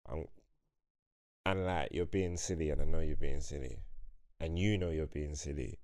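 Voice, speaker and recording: A man's voice: very deep voice, normal speed, darkish tone, no room sound, studio quality. A young man, co-hosting a casual group podcast, arguing his point with slang and laughter. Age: young adult. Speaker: podcast co-host.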